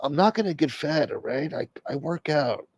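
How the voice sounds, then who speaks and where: A man's voice: a little high, animated, normal speed, darkish tone, no room sound. A man doing a comedic impression of a grumpy, defensive middle-aged movie star. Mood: grumbling, defensive. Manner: defensive, grumbling.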